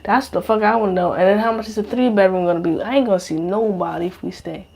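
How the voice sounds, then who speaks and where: A young woman talks straight into a podcast mic in a loose, rambling monologue. Her speech is slangy and heavy with cursing and fillers, and her pitch sits in the middle range for a woman. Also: quick pace, vocal fry, a little mellow, breathy edge. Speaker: podcast host. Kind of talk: casual monologue.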